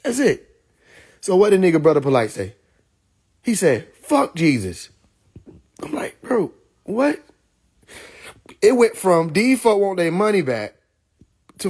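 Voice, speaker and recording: A man's voice: a little high, a little mellow. A young adult man hosting a live stream, talking casually and animatedly, laughing often and mimicking others.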